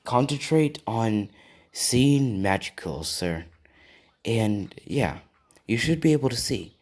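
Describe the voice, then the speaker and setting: Helpful female guide spirit, read plainly by a man; instructive, unhurried. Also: mid-range voice, animated, darkish tone. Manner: instructive, explaining.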